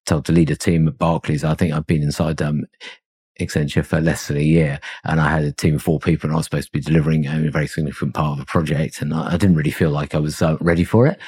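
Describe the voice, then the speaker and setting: Brief: middle-aged male guest, deep husky voice, reflective and meandering. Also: little pitch movement, quick pace, a little mellow. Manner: reflective, rambling with fillers and chuckles. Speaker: consultancy founder, podcast guest. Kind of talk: conversational interview.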